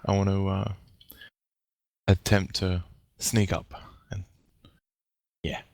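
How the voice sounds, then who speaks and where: A man playing a tabletop game, stating his moves in a halting way and repeating words. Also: low-pitched, flat delivery, gravelly, a little mellow, a little hiss or hum. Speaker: player. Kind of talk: casual tabletop play.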